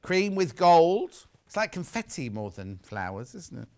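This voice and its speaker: A middle-aged man hosting a live shopping broadcast, chatting and teasing his colleagues as he shows off fabric. His voice sits a little high for a man and swings widely in pitch, giving his patter a lively, animated bounce. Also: unhurried, gravelly. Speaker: shopping channel presenter. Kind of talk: live sales presentation with chat.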